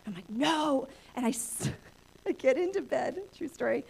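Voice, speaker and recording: Woman pastor in her thirties, bright high register, animated preacher who acts out her inner voices. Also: measured pace, gravelly, husky. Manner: lively personal storytelling, acts out her own inner voices. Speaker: pastor and church planter. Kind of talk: sermon storytelling.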